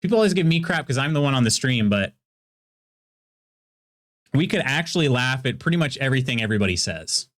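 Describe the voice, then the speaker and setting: A man with a Midwestern American accent holds a relaxed, rambling conversation with his chat between stretches of gameplay. He talks at an easy, middling pitch, laughs often, and answers each viewer's message as it comes in. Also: fairly quick, pauses often. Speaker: streamer. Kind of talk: casual chat with viewers while gaming.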